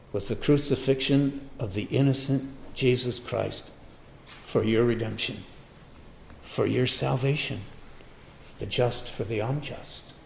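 Man, pastor preaching, slow deliberate delivery, gravelly voice, emphatic repetition. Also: mid-range voice, roomy sound. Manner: emphatic, repeats and rereads lines, swings between quiet and loud. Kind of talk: sermon.

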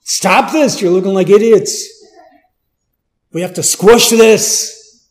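Man putting on a scornful zealot, angry, emphatic, higher pitched. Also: takes it slowly, in a large hall.

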